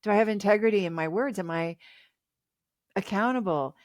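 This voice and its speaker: A woman's voice: mid-range voice, a little fast, a little mellow, dry recording, studio quality. A woman in her fifties, a relationship author talking as a guest in a casual interview, chatty and reflective and laughing often.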